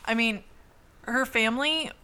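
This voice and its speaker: A woman's voice: on the high side, unhurried, bright, forceful tone, smooth. Wry young woman podcast co-host. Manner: wry, laughs often, talks in fillers. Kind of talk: casual chat.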